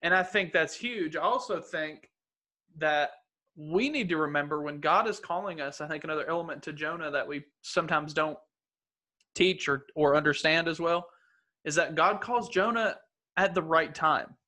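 A man's voice: a little high, normal speed, pushed and bright. A man in a casual church discussion, talking earnestly about a Bible story and restarting his sentences often. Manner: earnest, rambling with many restarts. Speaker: church leader in a podcast discussion.

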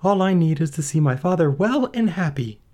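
A man voicing a gentle, loving young woman in a storybook read-aloud, in a high pleading falsetto. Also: expressive, normal speed. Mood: earnest.

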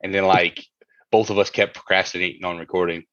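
A man co-hosting a casual podcast, rambling and restarting his sentences. His voice sits on the low side. The sound is dry and a little dull and lo-fi. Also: steady tone, fairly quick, a bit bright, dry recording. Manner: rambling, full of fillers and restarts. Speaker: podcast co-host.

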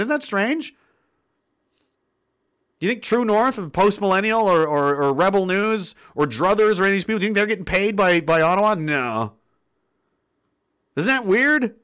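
A man's voice: high voice, a bit bright. A man giving an angry, sarcastic political rant on a livestream, swearing often and mocking others in quoted asides. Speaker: political commentary streamer. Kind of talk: ranting livestream commentary.

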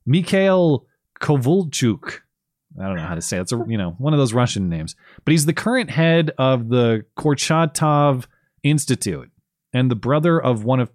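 A man's voice: mid-range voice, no echo, clean studio sound. A man co-hosting a political commentary podcast, talking casually with sarcastic, wry asides. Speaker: podcast co-host.

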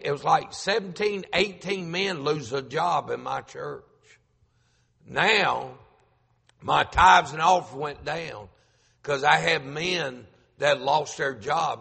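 Gravelly preacher in an echoey hall. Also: male voice, a little high. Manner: animated, acts out quoted voices, repeats phrases for emphasis. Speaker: pastor. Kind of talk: storytelling sermon. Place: church sanctuary.

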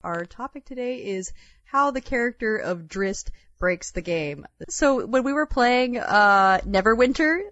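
A woman's voice: fairly high pitch, lively intonation, fairly bright tone, dull audio, faint music behind. Playful woman co-hosting a podcast. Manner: playful, teasing, quick to laugh. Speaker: podcast co-host. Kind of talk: casual chat.

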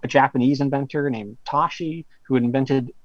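A man's voice: mid-range voice, fairly even intonation, dry recording, dull audio. A male author in casual conversation, telling a long story in a rambling way with many asides. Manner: rambling, with fillers and quick asides. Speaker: author guest.

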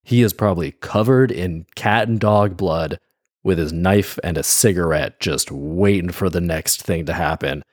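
A man's voice: deep voice, measured pace, no echo, clean studio sound. A man reading a fairy tale aloud and breaking off for wry, sarcastic comedic commentary. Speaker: storyteller and commentator.

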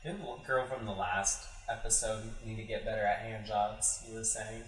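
Very deep-voiced woman with dry asides. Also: fairly even intonation, normal speed, roomy sound, far from the mic, rough recording. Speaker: podcast co-host. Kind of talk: casual chat.

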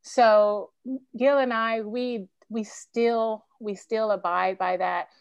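A woman's voice: mid-range voice, steady tone, takes it slowly, gravelly, clean tone, no room sound, dull audio. A middle-aged woman speaking earnestly and emotionally as a podcast guest. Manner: earnest, emotional, faith-driven storytelling. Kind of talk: candid interview conversation.

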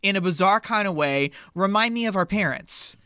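A young adult woman co-hosting a casual movie recap, animated and laughing as she acts out scenes. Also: mid-range voice, normal speed. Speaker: podcast co-host.

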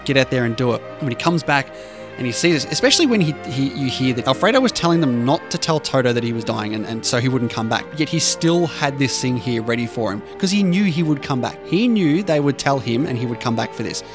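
With music behind him, a podcast co-host talks fast in an animated, medium-pitched voice. He's discussing movies casually, going on at length about scenes, rambling, and sprinkling in trivia as he explains.

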